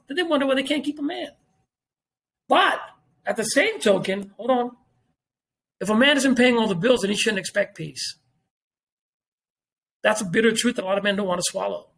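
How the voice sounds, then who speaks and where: Fast-talking high-voiced man, blunt. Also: fairly bright tone, a little hiss or hum. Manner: blunt and profane, repeats points for emphasis. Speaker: guest. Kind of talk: casual podcast talk.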